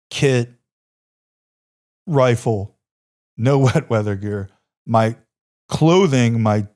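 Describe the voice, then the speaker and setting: A man's voice: mid-range voice, a little mellow. Intense, emphatic male storyteller. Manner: intense, emphatic, repeats phrases, swears freely. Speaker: podcast guest, former Army Ranger. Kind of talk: storytelling in a podcast interview.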